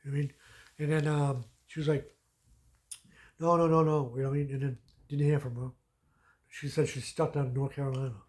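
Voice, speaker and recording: A man of ordinary pitch tells a long personal story in a loose, rambling way. He swears freely and keeps circling back with filler phrases. His tone is casual and unpolished, like a vent to a friend. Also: level tone, fast, warm tone. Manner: profane, rambling, repeats "you know what I mean". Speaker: vlogger.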